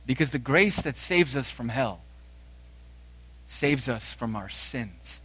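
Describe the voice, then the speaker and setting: A man preaching a sermon, swinging between loud emphatic declarations and quiet, low phrases. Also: expressive, slow pace, breathy edge.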